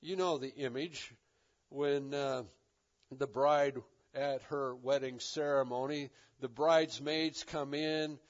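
A man's voice: mid-range voice, fairly even intonation, slow, highs cut off. Man preaching in a casual, conversational way. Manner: conversational preaching with frequent "kinda" and restarts. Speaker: pastor. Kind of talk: expository sermon.

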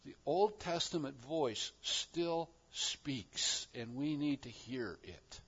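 A man preaching a sermon as pastor, moving between quiet reflective passages and loud, emphatic declarations. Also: mid-range voice, animated, slow, slightly rough, dull audio.

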